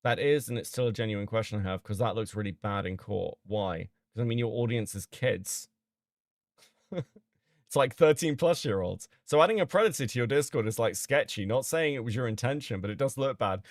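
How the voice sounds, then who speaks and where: Give me an excitable man reacting on a livestream, lively voice that leaps up in disbelief. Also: medium pitch, fairly quick, no room sound, studio quality. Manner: excitable, swearing, jumps to loud disbelief. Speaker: streamer reading and reacting to chat logs. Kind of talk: casual reaction commentary.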